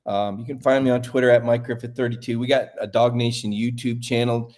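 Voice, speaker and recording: A man in his fifties, a sportswriter guest, talking sports in a relaxed way and thinking aloud with many restarts. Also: medium pitch, fairly quick. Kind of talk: casual sports talk.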